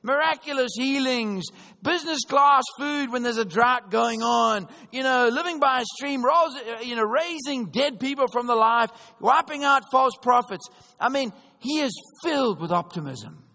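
A man preaching a sermon, telling a story in a chatty, animated way and often checking in with his listeners. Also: very high voice. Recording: long reverb of a large hall.

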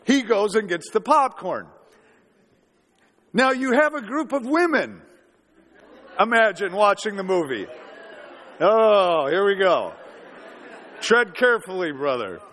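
A man's voice: high voice, sing-song, slow pace, pauses often, fairly bright tone, some chatter behind. A man in his forties preaching a sermon, telling a story in a conversational way and asking rhetorical questions. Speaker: pastor. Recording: reverberant hall.

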